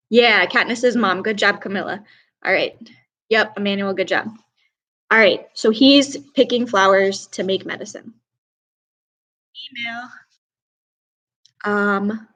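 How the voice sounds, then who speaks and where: A young woman teaches an online class, speaking into a computer mic on a video call. Her pitch sits in the middle, and she keeps a chatty, upbeat tone. She praises students by name as she goes. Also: fairly bright tone, rough recording.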